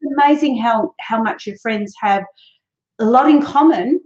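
A woman's voice: a little high, normal speed, a little mellow. A woman raised in Australia hosting a podcast in casual chat, chatty and often restarting her words. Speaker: podcast host. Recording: dull lo-fi sound.

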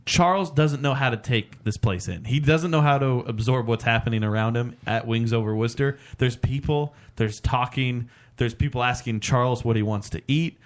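A young adult man on a casual podcast, telling a long, rambling, profane story and acting out what people said. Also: mid-range voice. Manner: rambling, profane, acts out quotes. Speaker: podcast co-host.

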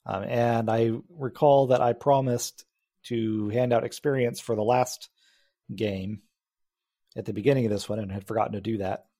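Male game master, warm mellow voice, relaxed halting delivery. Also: mid-range voice. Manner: relaxed, halting, with many fillers. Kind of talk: narrating a tabletop game.

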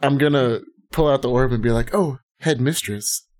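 A man's voice: mid-range voice, steady tone, a little fast, darkish tone. A man playing in a tabletop role-playing game, bantering and joking. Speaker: player.

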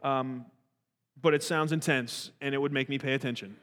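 A man's voice: medium pitch, steady tone, normal speed, fairly bright tone, big-room sound. A man giving a conversational Bible teaching, earnest and talky, with frequent restarts and rhetorical questions.

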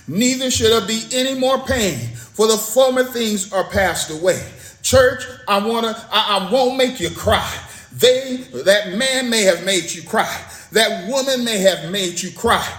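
A man's voice: high-pitched, fairly bright tone, reverberant. A man preaching a sermon, fervent and repetitive, breaking into spoken praise between points.

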